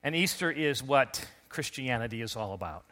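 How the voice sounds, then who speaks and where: Bright-voiced pastor preaching an Easter sermon. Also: male voice, mid-range voice, animated, normal speed, soft background music. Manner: earnest, builds to loud emphatic calls. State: recovering from illness.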